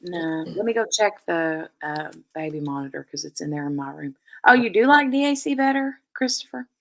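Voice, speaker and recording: A woman's voice: lowish voice, animated, brisk, creaky. A woman hosting a casual live stream chat from home, talking chattily and laughing often.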